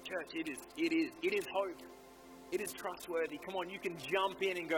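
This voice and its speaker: Male pastor, slightly high voice, fervent exhorting sermon with clear music behind. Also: steady tone, moderate pace, fairly bright tone, rough recording. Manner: fervent, exhorting, repeats "come on". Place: church.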